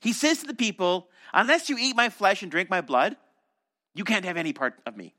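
Guy preaching, high bright voice that jumps all over, acts out little voices while he tells it. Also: brisk. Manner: animated storytelling, acting out voices of crowds and disciples. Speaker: pastor. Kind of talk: sermon.

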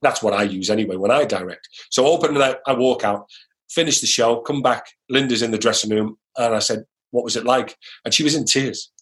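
Chatty middle-aged British actor telling stories. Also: male voice, mid-range voice, a little fast. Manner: lively anecdotal storyteller who acts out quoted lines. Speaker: actor guest. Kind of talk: casual interview storytelling.

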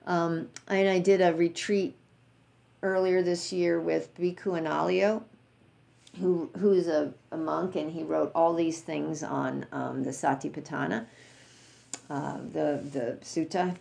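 A woman giving a reflective dharma talk as a meditation teacher, speaking gently with fillers and restarts and acting out inner thoughts in a higher voice. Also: steady tone, a little slow, gravelly.

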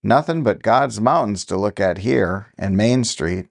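A man's voice: lowish voice, animated, unhurried, vocal fry, full character voice. A man voicing a nosy, gossipy small-town woman neighbor. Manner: prying, gossipy.

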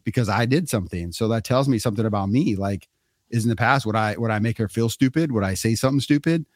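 A man's voice: on the low side, fast talker, dry recording, clean studio sound. A middle-aged man casually telling a story on a podcast, acting out what people said. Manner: animated storyteller acting out quotes.

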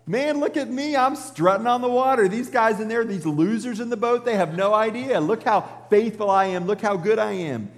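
A man's voice: high voice, moderate pace, few pauses, voice pushed up. A preacher voicing a swaggering, boastful male disciple who mocks his friends. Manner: swaggering, mocking. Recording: long reverb in a large hall.

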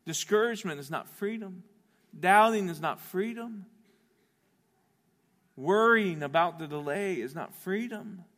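A male pastor preaching an Easter sermon, swinging from rousing shouts down to hushed, quiet appeals. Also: high-pitched, expressive, unhurried, long pauses. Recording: echoey hall, long reverb.

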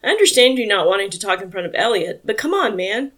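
A woman reading the lines of a frustrated man who keeps pressing a friend for answers, softening into gentle reassurance, in an audiobook. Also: medium pitch, sing-song, quick pace. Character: adult man, frustrated amnesiac cop.

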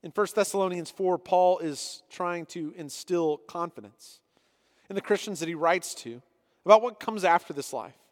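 A pastor with a high-pitched voice delivers a sermon, moving between reading scripture aloud and earnest explanation. His voice carries a long reverb tail, as if the room is large and echoing. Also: moderate pace.

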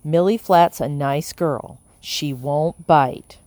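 A woman's voice: sits low, slow, a little mellow, no echo. A woman voicing an anxious, gloomy young woman in an audiobook, fretful in manner.

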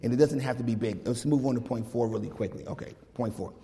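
A man's voice: mid-range voice, fast talker. Slangy preaching man, hall reverb. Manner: animated, slangy, conversational preaching. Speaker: pastor. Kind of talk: casual, lively sermon.

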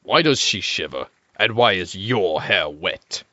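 An actor playing a stern, menacing knight captain who interrogates with cold command in an audio drama. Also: male voice, deep voice, animated, a little slow, bright, forceful tone, no echo, full character voice. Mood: interrogating. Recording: dull lo-fi recording.

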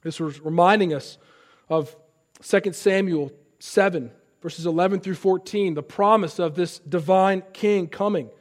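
A man in his thirties preaching a sermon. He swings between loud, impassioned lines and soft, conversational asides. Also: sits high, a little slow. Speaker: pastor.

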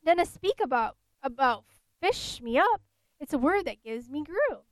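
A woman's voice: high-pitched, big pitch swings, measured pace, no room sound. A woman voicing a peevish old male ghost with a Scottish accent in a read-aloud ghost story.

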